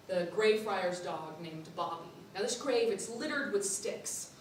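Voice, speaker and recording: A young woman performing a playful, animated storytelling monologue on stage, laughing often. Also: medium pitch, slight background noise. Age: young adult. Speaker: student performer. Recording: echoey hall from far off.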